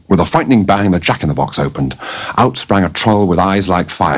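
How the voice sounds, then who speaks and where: A man reading a children's fairy tale aloud with expressive storytelling. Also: deep voice, moderate pace. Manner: expressive, varied storyteller's delivery. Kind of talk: storybook narration. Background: soft instrumental music.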